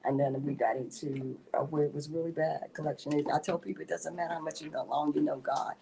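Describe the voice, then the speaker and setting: A woman author, a guest in a casual interview, telling animated stories and often breaking into laughter. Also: deep voice, fast, gravelly. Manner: animated storytelling with frequent laughter.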